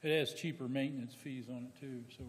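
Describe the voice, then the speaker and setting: A man giving a relaxed, casual report to county commissioners, laughing easily. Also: mid-range voice, brisk, long reverb tail, a little hiss or hum. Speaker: county department head. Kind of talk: casual report at a public meeting. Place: county meeting room.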